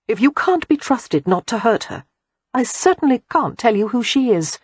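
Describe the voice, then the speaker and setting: A woman playing a guarded young widow in a storybook reading, grim and wary, her voice a touch husky and lively in pitch. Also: normal speed, dry recording.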